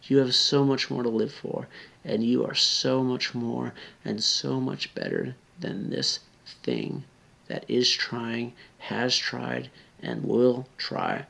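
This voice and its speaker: Gravelly, husky drunk man pleading earnestly. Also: medium pitch, expressive, slow pace, fairly bright tone. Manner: earnest, pleading, drops to whispers. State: drunk, slurring; near tears. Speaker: video blogger. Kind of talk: emotional direct-to-camera appeal.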